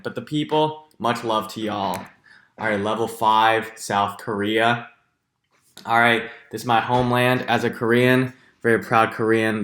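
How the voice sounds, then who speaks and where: A young man in his twenties ranting comically through a ranked list, animated and jokey, often jumping into squeaky high exclamations. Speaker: comedic vlogger. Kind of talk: comedic ranking rant. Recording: echoey room.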